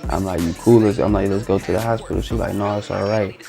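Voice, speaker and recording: As a guest on an interview, a man from East Oakland, California, recounts a story in casual slang, acting out the conversations in a loose style. He talks fast in a fairly low, gravelly, steady voice, with music playing in the background.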